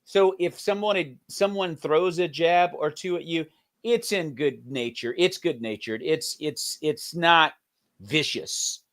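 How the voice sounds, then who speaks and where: A man hosting a comedy talk show, chatting in a relaxed, reflective way and giving soft agreeing interjections. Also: on the high side, unhurried. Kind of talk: casual interview chat.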